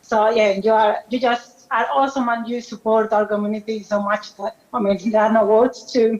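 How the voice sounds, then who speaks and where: Emotional woman on a muffled call. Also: a little high. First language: Spanish. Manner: warm, halting, laughs between thanks. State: emotional, close to tears. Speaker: award winner. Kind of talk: emotional acceptance speech. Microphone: video call. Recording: muffled video call audio.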